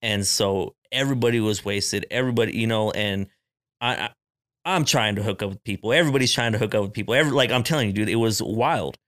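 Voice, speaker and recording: A man's voice: lowish voice, quick pace, a bit bright, no echo, studio quality. A man telling a party story in a podcast chat, laid back, with lots of bro and dude.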